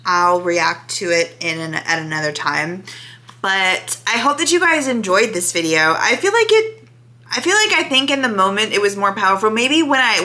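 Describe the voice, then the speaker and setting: A woman's voice: mid-range voice, sharp tone. A woman in her thirties talking candidly and emotionally in a casual reaction vlog to her channel's viewers. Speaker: vlogger.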